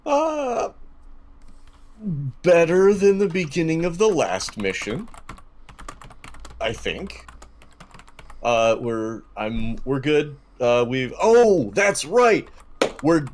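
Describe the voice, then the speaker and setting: A man's voice: on the high side, expressive, a little hiss or hum. Jokey man over faint keyboard clicks. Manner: jokey, halting with restarts. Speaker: player.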